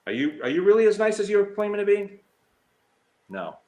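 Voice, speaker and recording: A man streaming slots talks in a sing-song, slightly mellow voice at a moderate pace, yet his words come out hurt and heated, full of fillers and restarts. He mocks those he quotes with a shrill high voice.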